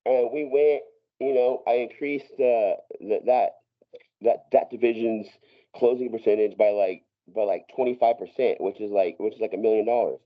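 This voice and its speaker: A man's voice: lowish voice, moderate pace, highs cut off. A man telling a long story as a podcast guest, profane and rambling, with many restarts and laughs. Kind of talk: casual storytelling.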